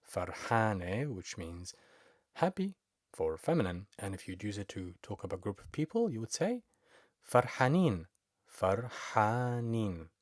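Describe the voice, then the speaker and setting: Male Levantine-accented tutor, lowish voice, dry close sound, slow patient drilling. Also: no echo. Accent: Levantine Arabic. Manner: slow, patient, repeats words several times. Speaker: Arabic teacher. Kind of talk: language lesson.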